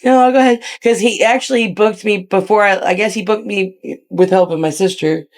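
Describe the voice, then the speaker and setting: A woman's voice: medium pitch, fairly even intonation, normal speed. Laughing, blunt middle-aged woman. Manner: laughing often, blunt, profane storytelling. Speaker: guest, wrestler. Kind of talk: casual interview chat.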